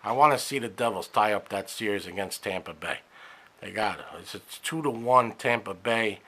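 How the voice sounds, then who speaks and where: A man's voice: lowish voice, moderate pace, sharp tone. A middle-aged man, rambling through a casual podcast monologue full of fillers and asides. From New York area. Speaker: podcast host.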